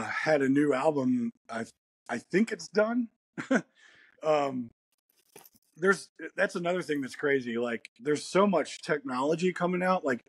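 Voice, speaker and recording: Rambly american guy in an interview, husky voice, laughs a lot, dead dry sound. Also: medium pitch, dry recording. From United States. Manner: laid-back, rambling, laughs often. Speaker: guest musician. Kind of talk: casual interview chat.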